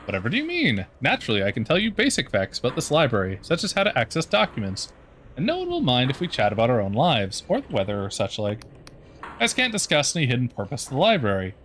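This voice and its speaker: A man's voice: medium pitch, wildly swooping pitch, quick pace, fairly bright tone, slight background noise. A man voicing a prim, evasive woman librarian in a fantasy game, sweetly condescending and calling people dearie. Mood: flustered polite.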